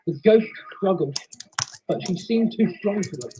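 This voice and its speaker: A woman reading a fan story aloud in a slow, lowered narrating voice. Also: expressive, noisy background.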